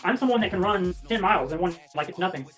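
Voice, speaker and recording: A woman's voice: lowish voice, lively intonation, quick pace. A woman talks on a casual livestream, winded and catching her breath between sentences. Her delivery is blunt and profane as she answers viewers' questions. Faint music plays in the background.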